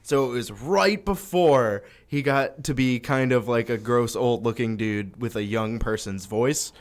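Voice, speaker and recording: A man's voice: mid-range voice, unhurried. A young man as a podcast guest in casual chat, rambling and laughing often.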